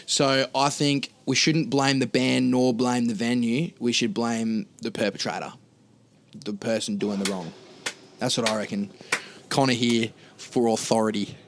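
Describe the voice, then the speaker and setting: An Australian man, a singer and guest in a casual chat, blunt and ranting. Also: medium pitch.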